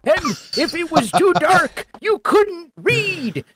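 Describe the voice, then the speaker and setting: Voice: very high-pitched, very animated, slow, fairly bright tone, a little hiss or hum, full character voice. A player putting on a grumpy old man voice, rambling on fussily about the old days over voice chat. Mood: grumbling. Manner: fussy, rambling old-timer rant.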